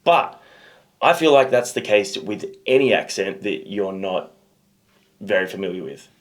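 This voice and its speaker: A man's voice: fairly low pitch, expressive, a little slow. A man with an Australian accent co-hosting a music reaction show, chatting in an easygoing, self-deprecating way. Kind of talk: casual chat.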